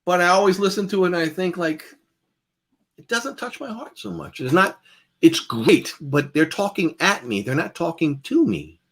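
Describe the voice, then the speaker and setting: This high-pitched man speaks at a normal speed while running a relaxed, talky guitar master class. Repeated phrases add emphasis, and his loudness rises and falls.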